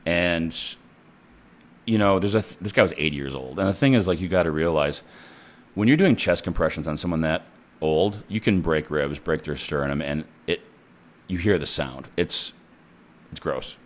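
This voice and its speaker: A man's voice: low-pitched, normal speed. A man who works as a nurse, telling a story in a casual, blunt and profane way.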